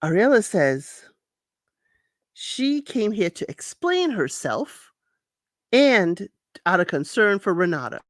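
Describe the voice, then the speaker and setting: A woman hosting a casual reality show recap, animated and laughing often, acting out quotes in high voices. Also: slow pace, pauses often, no room sound, studio quality.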